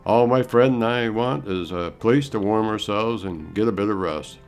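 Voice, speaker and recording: A man's voice: fairly low pitch, normal speed, smooth, soft background music, voice pushed up, lightly acted. A man voicing a wry, blunt cowboy traveler. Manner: teasing, blunt.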